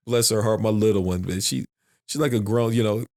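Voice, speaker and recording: A man's voice: fairly low pitch, normal speed, darkish tone. A middle-aged man in casual podcast chat, rambling and repeating himself, swearing now and then. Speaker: podcast guest.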